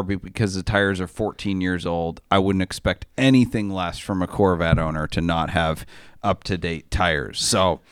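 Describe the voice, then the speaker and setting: A man with a fairly low voice hosts a car talk show in a studio, recorded close and dry with almost no room sound. He tells stories in a blunt, joking way and drops casual slang. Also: clean tone, dry recording. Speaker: podcast host. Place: podcast studio.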